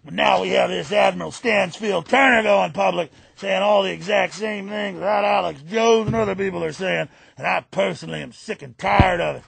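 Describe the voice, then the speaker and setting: A man doing a satirical impression of a sneering, domineering male president, shouting and ranting in a gravelly voice. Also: high voice, moderate pace, hardly any pauses, no echo, exaggerated voice. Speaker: radio talk host. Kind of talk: satirical impression on talk radio.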